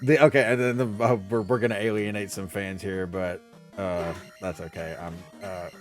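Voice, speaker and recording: A man's voice: fairly low pitch, fairly even intonation, moderate pace, soft background music. Laid-back man chatting over gameplay. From Arkansas, USA. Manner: laid-back, laughs often, crude jokes. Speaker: podcast co-host and gamer. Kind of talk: casual chat over gameplay.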